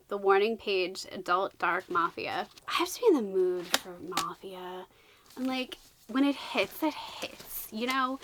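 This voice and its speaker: A woman chatting casually as she unboxes books, gushing and excitable, with quick joking asides. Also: mid-range voice, slight background noise. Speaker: book vlogger.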